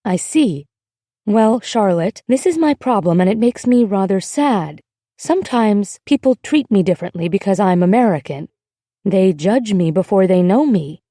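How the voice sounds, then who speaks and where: A glamorous young woman from a storybook, gentle and kindly, speaking softly to a child next door, played by a woman narrator. Her voice is mellow and low-key, recorded close and dry. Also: animated, normal speed, no echo, lightly acted.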